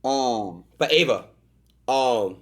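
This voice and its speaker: A man's voice: medium pitch, lively intonation, takes it slowly, a little hiss or hum. A young man hosting a casual stream chat, flustered and stammering as he defends himself. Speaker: streamer host.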